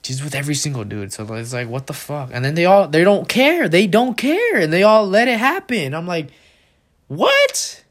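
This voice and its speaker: A young man rants casually, swearing a lot and frequently mimicking people in mocking, higher voices. His delivery is sing-song and brisk, with hardly any pauses.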